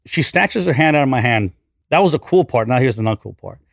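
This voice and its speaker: A man in his forties, a podcast guest, telling a story in an animated, profane, self-deprecating way. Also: medium pitch, brisk, creaky, no echo, studio quality. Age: 40s. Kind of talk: casual storytelling.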